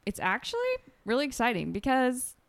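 Giggly American woman with vocal fry. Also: a little high, lively intonation, fairly quick. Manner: giggly, playful, self-mocking. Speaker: podcast co-host. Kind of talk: casual chat.

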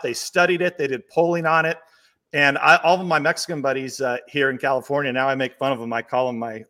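A man's voice: mid-range voice, sharp tone. A man hosting a political talk show, steering the questions in an upbeat, teasing way. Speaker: show host.

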